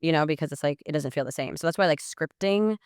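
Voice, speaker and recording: A woman's voice: deep voice, fast, clean tone, no echo, studio quality. Blunt, swearing woman podcast guest. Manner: blunt, swears freely, heavy use of "like"; acts out messages in lively quoted voices. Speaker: podcast guest, sales coach. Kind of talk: casual podcast interview talk.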